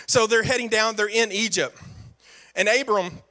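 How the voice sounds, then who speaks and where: Brief: male pastor, emphatic repeating preacher with jokey asides, high bright voice. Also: moderate pace. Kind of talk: sermon.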